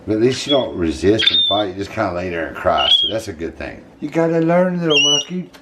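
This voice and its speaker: A man's voice: fairly low pitch, big pitch swings, brisk, very noisy. A man vlogging while bathing his pet monkey, soothing it with cooing baby talk. He narrates casually in a bathroom.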